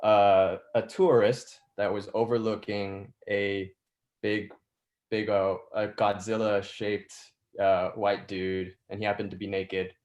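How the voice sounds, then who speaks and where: A man's voice: lowish voice, flat delivery, slow, darkish tone, lo-fi sound. A young adult man actor on a press panel, telling stories with restarts and chuckles. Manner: storytelling, repeats words, chuckles. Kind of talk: virtual press conference answer.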